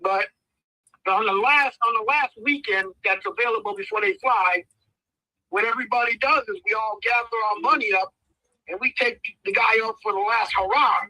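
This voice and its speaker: A man's voice: sits high, moderate pace, no room sound, poor audio. A man, telling stories on a podcast as a guest and acting out the voices of the people in them. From United States. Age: 50s. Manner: animated, acts out voices in his stories. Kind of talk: casual storytelling.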